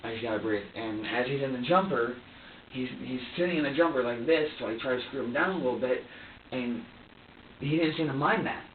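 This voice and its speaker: A distressed man answers investigators' questions in a halting, repetitive way, often restarting his sentences. He is caught on a distant room microphone with a tinny, narrow sound. The room is echoey and there is a faint hiss behind him. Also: medium pitch. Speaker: suspect under questioning. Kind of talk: emotional account to investigators. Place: interrogation room. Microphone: far room microphone.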